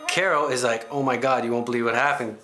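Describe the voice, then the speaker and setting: A man's voice: medium pitch, fairly even intonation, fast talker, music in the background. A man hosting a comedy reenactment show, telling a true story in a chatty, rambling way full of asides. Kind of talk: comedic first-person storytelling.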